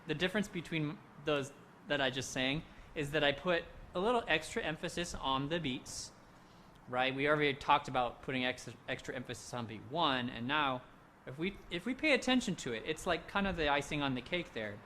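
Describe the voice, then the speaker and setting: A man leading a handbell rehearsal, coaching players through measures and singing the rhythms on nonsense syllables in a relaxed, encouraging way. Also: a little high, brisk, a little hiss or hum. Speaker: handbell director. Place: home, recorded for a virtual event.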